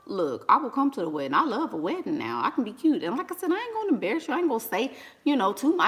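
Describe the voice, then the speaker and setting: A woman's voice: fairly high pitch, sing-song, rapid-fire, a bit bright. A woman, chatting casually and animatedly to viewers, slangy and laughing often. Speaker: online business coach and vlogger.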